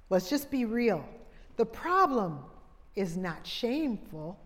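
A middle-aged woman addresses a women's conference audience directly in a humorous, folksy, conversational talk. She speaks slowly with a sing-song lilt at an ordinary pitch, while the big hall's long reverb lingers after each phrase.

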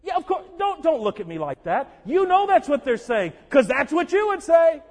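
A man delivering a sermon in a conversational, animated style that bursts into shouts. His voice is very high. It rings with a long echo in a large church hall. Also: moderate pace. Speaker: preacher.

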